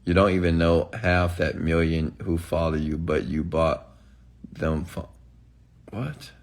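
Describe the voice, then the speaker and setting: Speaking slowly in a deep voice with fairly even intonation, a man rants on a live stream. He answers chat and preaches to followers emphatically, repeating "okay?" over and over.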